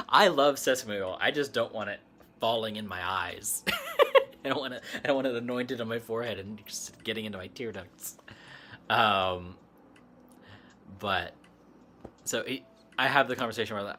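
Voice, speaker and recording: A man's voice: mid-range voice, very animated, moderate pace, pauses often, sharp tone, slight background noise. A man hosting a casual livestream chat, telling a story in a rambling way, laughing often and using plenty of fillers. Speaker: livestream host.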